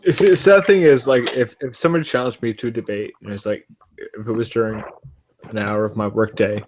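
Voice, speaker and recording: A man's voice: medium pitch, a little fast, a little hiss or hum. A man from Canada, joking and teasing in a casual group call. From Canada (Saskatchewan). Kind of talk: casual group video chat.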